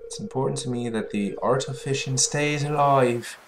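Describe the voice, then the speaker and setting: A man's voice: medium pitch, normal speed, background noise, voice pushed up, close to an everyday voice. A man voicing a jolly older male fisherman shopkeeper with a put-on Irish accent and hearty, folksy manner. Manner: hearty folksy sailor talk.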